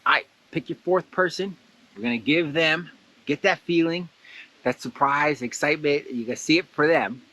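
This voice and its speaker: A man hosting a casual guided blessing exercise, animated and laughing often, jumping into excited high voices when he quotes someone. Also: normal speed. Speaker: host guiding a blessing exercise. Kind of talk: casual guided meditation talk.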